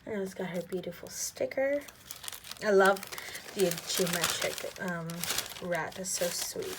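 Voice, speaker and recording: A young adult woman hosting an unboxing vlog, gushing and excitable, often dropping to a soft near-whisper. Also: lowish voice, unhurried, noisy background. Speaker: planner vlogger.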